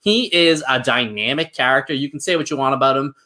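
A man's voice: mid-range voice, pushed and bright. A man co-hosting a podcast, chatting enthusiastically about favorite TV episodes. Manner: enthusiastic, quick asides. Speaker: podcast co-host. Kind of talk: casual chat about a TV show.

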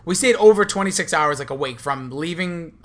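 Fast, bright-voiced young man rambling. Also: fairly high pitch, expressive. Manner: rambling storyteller with many restarts. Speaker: podcast co-host. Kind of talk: casual chat. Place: hotel in a city.

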